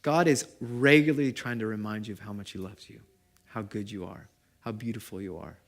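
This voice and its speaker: Casual pastor, loud then hushed. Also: male voice, on the low side, a little fast. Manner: conversational, swings from loud to hushed; asks the congregation questions. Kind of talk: sermon. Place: church service before a congregation.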